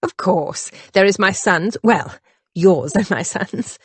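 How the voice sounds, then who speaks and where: A woman's voice: mid-range voice, expressive, slow, breathy edge, dry recording, exaggerated voice. A woman voicing a cheerful, earthy older mother in an audiobook. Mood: gushing. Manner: gushing, cheerful.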